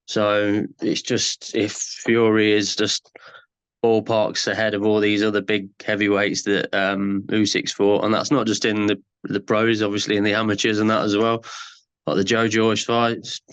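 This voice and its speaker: A man, a podcast guest in casual chat who talks haltingly with many fillers. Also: lowish voice, completely flat delivery, clear, resonant tone.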